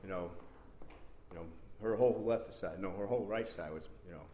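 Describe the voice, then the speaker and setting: Low-voiced man giving a rambling church testimony. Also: fairly quick, a little hiss or hum. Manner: rambling and repetitive, with sudden excited bursts. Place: church meeting room. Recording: roomy echo.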